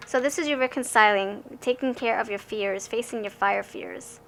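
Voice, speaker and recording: A bright, higher-pitched young woman talks through a tarot reading in a loose, rambling way. She often stumbles and restarts words, and her voice is clear and forward. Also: moderate pace, slight background noise. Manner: chatty, rambling, stammers and restarts. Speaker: tarot card reader. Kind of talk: casual tarot reading to camera.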